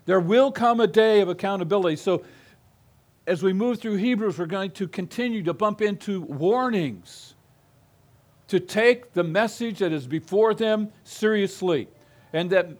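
A middle-aged male pastor preaching an expository sermon, emphatic and given to repeating phrases with building intensity. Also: high-pitched.

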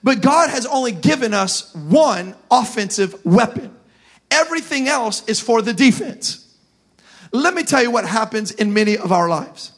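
A young man preaching a sermon as pastor at a church service, animated and building to shouts. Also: very high voice, moderate pace.

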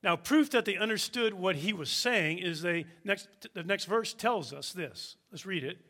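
A man preaching a sermon, slow and emphatic, with dramatic pauses. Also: high voice, animated, pushed and bright.

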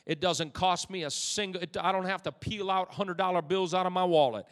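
A male pastor preaching a sermon, moving between loud, rising exhortation and quiet, close storytelling. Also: sits high, fairly quick. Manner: swings from loud exhortation to soft intimate storytelling. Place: church sanctuary. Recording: long hall reverb.

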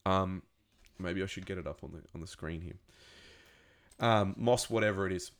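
A man with a fairly low voice talks through an episode off the cuff. He stumbles, restarts and drops in sound effects as he goes, getting more excited at the big moments. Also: moderate pace. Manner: rambling, animated, with many restarts and sound effects. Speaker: show recapper. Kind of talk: casual spoken recap.

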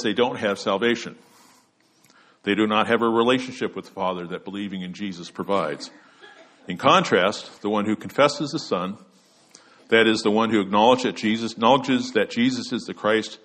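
A man's voice: low-pitched, fairly bright tone. A man preaching an expository sermon, earnest and emphatic, letting his voice drop at the end of each point.

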